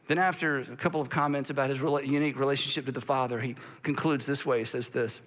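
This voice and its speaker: A man preaching a sermon as a pastor, animated and acting out the voices of the people he quotes. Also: mid-range voice, quick pace, hardly any pauses.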